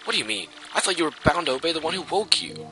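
A man's voice: fairly high pitch, sing-song, very fast, over music, voice pushed up, poor audio. A man voicing a proud, scheming male villain leader in an indignant, clipped tone.

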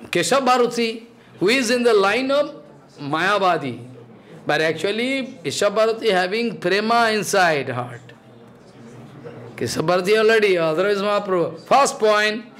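Male preacher, high voice, broken English, quizzes and scolds the congregation. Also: fairly bright tone. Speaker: spiritual teacher. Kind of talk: devotional sermon.

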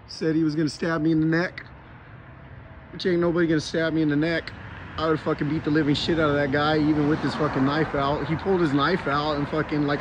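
A man's voice: fairly high pitch, slight background noise. A man filming himself outdoors in a city on his phone, shaken and agitated, rambling and swearing as he keeps circling back over the same points. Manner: agitated, profane, repeats himself. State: shaken, heart racing. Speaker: vlogger. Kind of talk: rambling self-filmed vent.

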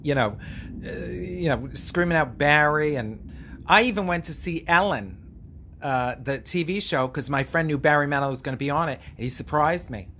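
A man's voice: a little high, fairly bright tone, a little hiss or hum. Theatrical man gushing in a camp vlog. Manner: theatrical, gushing, camp storytelling with drawn-out words. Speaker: vlog host. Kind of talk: casual chat monologue.

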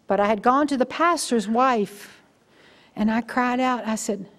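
A woman's voice: a little high, a little slow, fairly bright tone. Brief: older female guest preacher, chatty storytelling sermon delivery.

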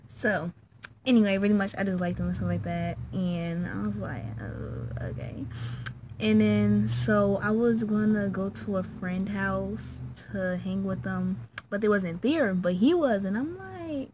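A young woman vlogger casually telling a story from childhood, acting out the people in it with sudden high squeaky voices. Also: a little slow, noisy background. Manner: animated, acts out her own and friends' lines in squeaky high voices.

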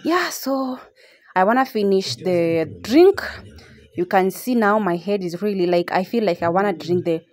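A woman's voice: mid-range voice, animated, moderate pace, a little mellow. A young woman, narrating a casual vlog to her viewers and often repeating her phrases. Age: young adult. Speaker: vlogger.

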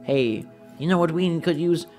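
A man's voice: fairly high pitch, normal speed, darkish tone, soft background music. A man casually thinking aloud while commenting on a city-building game, unsure of himself and talking to his viewers. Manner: rambling, thinking aloud, self-doubting; talks to the viewers. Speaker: let's play commentator.

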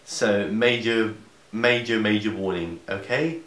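A man's voice: fairly low pitch, moderate pace, fairly bright tone, echoey room. A young man reading a fan fiction aloud for laughs, cutting in with sarcastic asides, in a room of a house. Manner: sarcastic, interrupts himself with asides. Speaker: vlogger.

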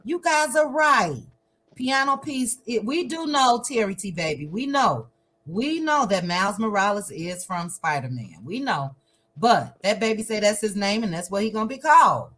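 A woman from Chicago hosting a livestream, chatting casually in a lively, playful, slangy way and reading out viewer comments. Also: medium pitch, moderate pace. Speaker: livestream host.

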